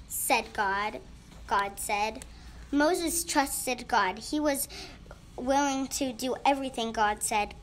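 A woman's voice: a little high, takes it slowly, slight background noise. A woman telling a children's Bible story in a hesitant way with ums, addressing kids at church.

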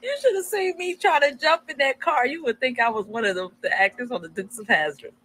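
A woman's voice: high voice, expressive, brisk, fairly bright tone, breathy edge, poor audio. A woman telling a personal story casually, acting out her own past lines with animation.

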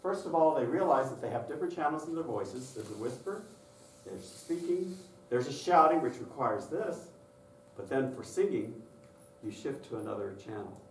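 Man workshop leader, animated delivery, distant mic in a roomy hall. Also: medium pitch, normal speed, slight background noise. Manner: lively, demonstrative, acts out voices. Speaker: choral music clinician. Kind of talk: conference workshop presentation. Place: conference session room. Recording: echoey room from far off.

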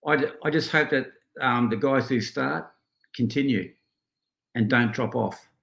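A man's voice: medium pitch, a little slow, vocal fry, roomy sound. A middle-aged Australian man, a guest on a podcast, telling stories in a casual chat with frequent laughter. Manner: storytelling, laughing, animated.

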